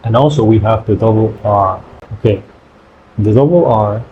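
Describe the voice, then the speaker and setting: A man whose first language is Spanish, teaching pronunciation in English by repeating syllables in slow drills. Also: mid-range voice, dark tone, a little hiss or hum, poor audio. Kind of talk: pronunciation lesson.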